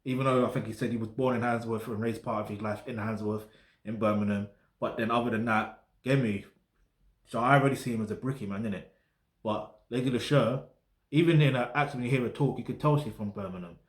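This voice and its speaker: A man's voice: mid-range voice, fast talker, roomy sound. A man with a South London accent, rambling casually to camera as he reviews music, dropping slang tags like "get me" and "yeah". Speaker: music reaction host. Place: flat in a residential block.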